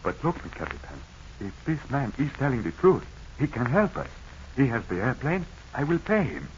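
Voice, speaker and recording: An eager sidekick. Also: male voice, medium pitch, huge pitch swings, moderate pace. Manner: eager, deferential. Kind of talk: 1930s radio acting. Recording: dull old radio transcription with faint hiss.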